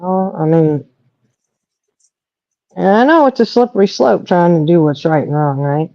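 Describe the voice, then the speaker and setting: A middle-aged woman, chatting on a livestream and telling stories with animated quoting. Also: lowish voice, a little slow, dry recording. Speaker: co-host. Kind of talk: casual chat on a livestream. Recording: dull lo-fi audio.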